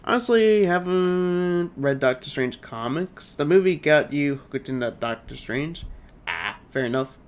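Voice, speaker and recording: A man's voice: on the high side, animated, measured pace, a little hiss or hum. A young man streaming a game, chatting casually and rambling as he answers chat. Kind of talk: casual let's-play commentary.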